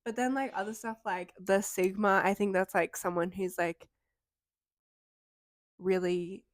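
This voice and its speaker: A woman's voice: medium pitch, fairly even intonation, measured pace, dry recording, clean studio sound. A woman in casual podcast chat, rambling and unsure of herself. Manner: rambling, unsure, lots of fillers.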